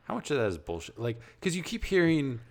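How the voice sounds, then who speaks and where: A man's voice: medium pitch, wildly swooping pitch, fast. A man co-hosting a podcast in casual chat, speculating and trailing off into half-remembered facts. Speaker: podcast co-host.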